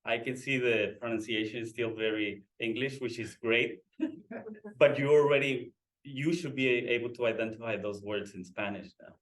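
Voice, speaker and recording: A man teaching a language class, saying words slowly for the class to repeat and laughing lightly now and then. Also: mid-range voice. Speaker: Spanish teacher. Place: church classroom.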